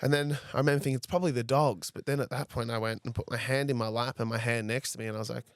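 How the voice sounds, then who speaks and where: A man's voice: medium pitch, steady tone, racing, hardly any pauses, dry recording, studio quality. A young man, telling a story as a podcast guest in a casual, rambling way. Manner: rambling, frequent "like" and "I was like".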